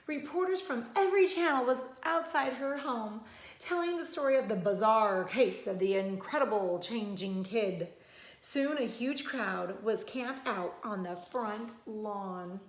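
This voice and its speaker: A woman's voice: fairly high pitch, echoey room. A woman who teaches first grade, reading a picture book aloud expressively and stopping to explain words to children.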